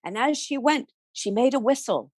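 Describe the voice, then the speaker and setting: A woman telling a folk tale, animated, with sound effects and asides to her listeners. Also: fairly high pitch, normal speed, background noise. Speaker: storyteller. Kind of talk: oral folk storytelling.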